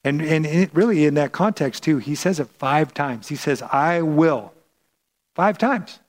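A man's voice: a little high, expressive, unhurried. A male pastor preaching a sermon in a conversational way, often repeating and restarting words.

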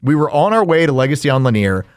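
A man co-hosts a casual radio podcast, walking through stories in a measured, planning-minded way. His voice sits slightly high and sounds dry and close to the mic. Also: big pitch swings, smooth, no room sound. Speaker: radio co-host.

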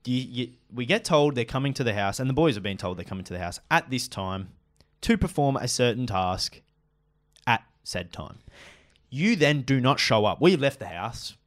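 A man's voice: mid-range voice, sing-song, moderate pace. A young Australian man co-hosting a casual podcast, emphatic and ranting. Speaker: podcast co-host. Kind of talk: casual chat.

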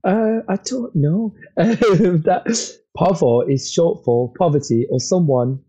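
A man's voice: a little high, slow pace, mellow, slightly rough, dull audio. A man with a northern English accent, a guest chatting playfully in a casual interview and laughing often. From northern England. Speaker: guest, comedy content creator.

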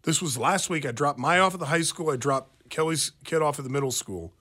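A man's voice: fairly high pitch, expressive, fairly quick, bright, forceful tone. A man co-hosting a radio talk show, telling stories animatedly with plenty of fillers and restarts. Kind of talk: casual talk radio banter.

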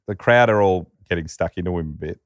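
A man telling a story on a podcast in a lively, chatty way. His voice is low, and the recording is dry and close. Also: fast talker, dry recording. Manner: lively storyteller, quotes characters. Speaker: podcast co-host. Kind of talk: storytelling chat.

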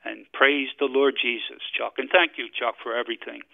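Priest on radio, dull broadcast sound. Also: male voice, mid-range voice, fairly even intonation, brisk, creaky, dry recording. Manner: preachy, repetitive phrasing, chuckles. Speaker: priest guest. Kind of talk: radio talk and storytelling. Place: radio studio.

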